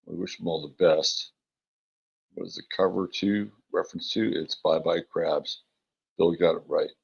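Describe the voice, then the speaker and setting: Gravelly low-voiced man hosting a livestream. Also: measured pace, highs cut off. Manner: relaxed, rambling, with many fillers. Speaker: astrology show host. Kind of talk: casual livestream chat, greeting chat viewers.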